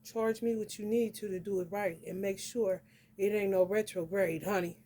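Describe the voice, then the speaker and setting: A woman from the northern United States gives a casual astrology reading on her vlog, blunt and profane, calling viewers "honey" constantly. Her medium-pitched voice is dark in tone, fairly even, and moderately paced.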